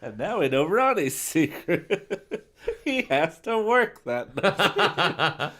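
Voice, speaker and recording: A man's voice: on the high side, sing-song, slow pace, fairly bright tone. A man co-hosting a comedy podcast, reading a novel aloud and adding dry, wry jokes.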